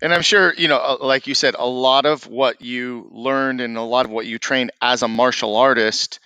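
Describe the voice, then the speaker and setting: A man's voice: medium pitch, fairly even intonation, moderate pace, bright, forceful tone, clean tone, no room sound, highs cut off. A man hosting a podcast interview, chatting casually and checking in with "right?" as he sets up questions. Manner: conversational, ends points with "right?". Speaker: podcast host.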